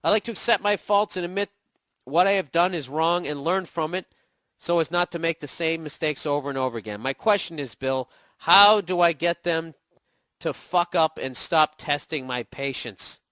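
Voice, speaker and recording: On his podcast, a man shaking off a cold replies to a listener email with a casual, swear-heavy comedic rant, blunt and laced with sarcasm. His voice sits on the high side, pushed and bright, at a moderate pace, in a clean studio recording without echo.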